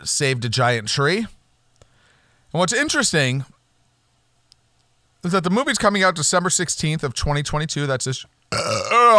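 A man's voice: on the high side, sharp tone, no room sound, clean studio sound. A man hosting a solo podcast, rambling and ranting with profanity and jokes. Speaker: podcast host.

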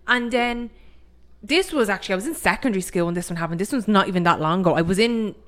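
This fast-talking podcast co-host is a young Irish woman with a mid-range voice. Chatting casually, she spins a ghost story, performing the different voices and filling her speech with "like" again and again.

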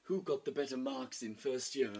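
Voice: medium pitch, normal speed, creaky, darkish tone, breathy edge. A performer playing a touchy, defensive male actor who insists on his emotional range in an improvised comedy sketch. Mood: indignant. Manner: indignant, defensive.

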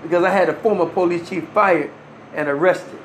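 Male storyteller, high voice, emphatic and earnest, slight room echo. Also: fairly even intonation, fairly quick, slight background noise. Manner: earnest, emphatic, with short restarts and wry laughs. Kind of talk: personal first-person storytelling. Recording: roomy echo.

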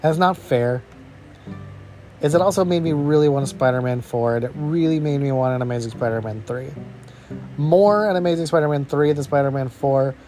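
A man hosting a podcast, giving a casual, excited movie review, rambling with lots of "bro" and "you know". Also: on the high side, a little fast, faint music behind. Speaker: podcast host reviewing a film.

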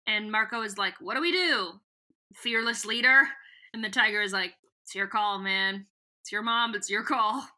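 A woman's voice: mid-range voice, normal speed, bright, forceful tone. A young adult woman co-hosting a casual podcast, chatting through a book's plot, giggling often and reading the characters' lines aloud in a loose storytelling way. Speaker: podcast co-host. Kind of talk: casual chat retelling a book.

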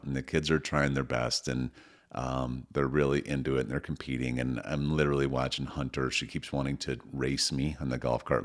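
Very deep-voiced earnest dad. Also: male voice. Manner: rambling, earnest, gets emotional. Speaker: podcast co-host, father of six. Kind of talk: casual conversation.

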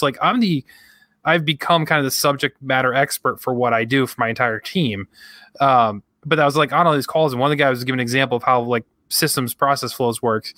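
A man's voice: medium pitch, quick pace, sharp tone, dry recording, clean studio sound. A young man co-hosting a podcast, chatting casually and rambling through work stories while acting out his coworkers' lines. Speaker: podcast co-host. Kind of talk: casual chat.

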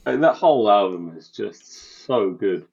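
A man co-hosting a music podcast in casual chat, halting and stammering at times. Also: lowish voice, expressive, vocal fry, crowd noise. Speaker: podcast co-host. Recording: dull lo-fi mic.

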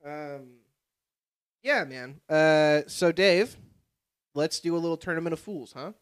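Young man, podcast host, casual chat, animated storyteller, higher-pitched voice. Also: slow, smooth. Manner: animated storyteller, swears freely.

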